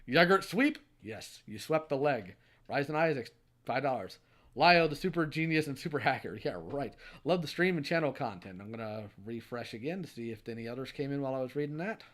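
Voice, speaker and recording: A young man hosts a livestream, reading viewers' donation messages one after another. His voice sits in an ordinary middle range, and he answers each message with a quick, dry one-liner. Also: medium pitch, animated. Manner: reads messages aloud, answers with short dry quips. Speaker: streamer host.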